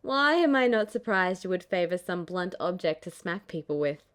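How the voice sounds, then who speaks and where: A woman's voice: on the low side, expressive, moderate pace, clear, resonant tone, pitched below the performer's own voice, close to an everyday voice. A woman reading the lines of a cheerful, joking young male swordsman in a breezy, teasing way for a fan-fiction audiobook.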